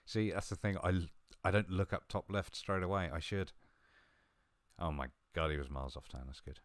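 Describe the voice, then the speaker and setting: A man talking through a football management game he is playing, chatty and a little mumbling, with sudden bursts of excitement. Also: sits low, normal speed, no echo. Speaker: gaming video host. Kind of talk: live game commentary.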